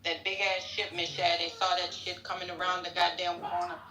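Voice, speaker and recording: Brief: woman putting on a gruff old Louisiana grandfather, profane and incredulous, echoey room. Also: fairly low pitch, level tone, a little fast, background noise, lightly acted. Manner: cussing, incredulous.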